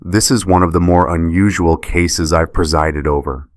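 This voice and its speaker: A man voicing a stern female family court judge in a narrated story, steady and measured. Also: low voice, dry recording, studio quality, lightly acted.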